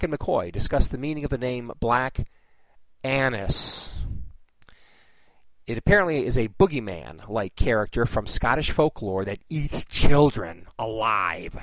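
A man's voice: medium pitch, a bit bright, dry recording, poor audio. A man recapping a story in a matter-of-fact way, with wry comments of his own. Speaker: episode recap host. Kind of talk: scripted plot recap with casual asides.

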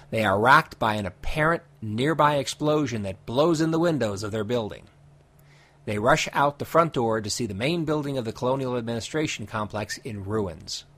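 A man co-hosting a podcast, reading a steady story recap and then chatting with a few fillers. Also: mid-range voice. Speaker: podcast co-host summarizing comics. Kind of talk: recap narration and casual chat.

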